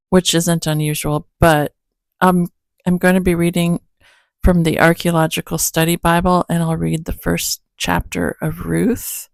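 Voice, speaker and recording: A woman's voice: on the low side, creaky, no room sound. A woman hosting her own channel, chatting casually at home with her cats in a rambling way, with self-deprecating asides. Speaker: host of a Bible-reading channel. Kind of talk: casual chat.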